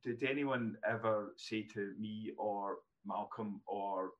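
A man in his fifties, a neurologist telling self-deprecating stories as a podcast guest, animated, with frequent restarts. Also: on the low side, slow pace, highs cut off. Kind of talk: casual podcast storytelling.

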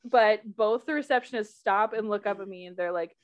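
A young woman hosting a podcast, casually telling a personal story with lots of laughter and loudly acted-out quotes. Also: medium pitch, fairly quick. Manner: animated, laughs often, acts out quotes loudly. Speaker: podcast host.

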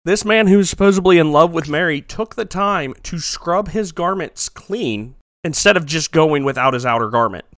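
A man with a fairly high voice recaps a show with a steady stream of jokes, laughing often and slipping into goofy character voices. The sound is dry and close, with no room around it. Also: moderate pace, few pauses, no room sound. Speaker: podcast co-host. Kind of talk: comedic recap chat.

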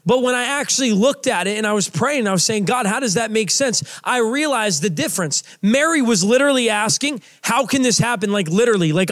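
Young male preacher, high voice, loose conversational delivery with lots of fillers. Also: lively intonation, fairly quick, hardly any pauses, a bit bright. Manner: casual, conversational preaching with many fillers and restarts. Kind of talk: sermon.

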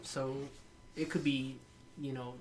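A man's voice: medium pitch, little pitch movement, slow pace. A man hosting a casual podcast, making dry, teasing remarks. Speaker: podcast host.

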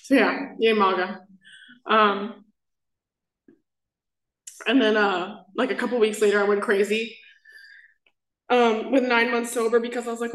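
A woman's voice: medium pitch, steady tone, normal speed, pauses often, fairly bright tone, roomy sound, low-quality recording. A woman in her twenties giving a personal recovery share as main speaker, rambling and packing her talk with "like" fillers. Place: meeting room.

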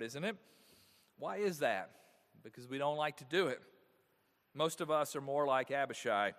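A male pastor preaching a sermon, reading scripture aloud and pressing his points with questions, his voice swelling loud on key words and dropping soft at the ends of thoughts. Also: mid-range voice, moderate pace, pauses often. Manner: animated preaching with wide swings in loudness. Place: church sanctuary. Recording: long reverb of a church sanctuary.

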